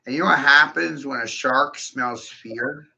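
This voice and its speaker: A man in a profane, aggressive monologue, repeating himself and bursting into shouts. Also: medium pitch, measured pace, vocal fry. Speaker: monologuing video host. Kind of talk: ranting monologue to camera. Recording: dull lo-fi recording.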